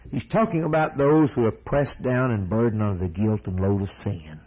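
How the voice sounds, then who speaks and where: A man's voice: on the low side, normal speed, darkish tone, husky, low-quality recording. A man preaching a sermon, emphatic and repeating key words, then closing in a prayer.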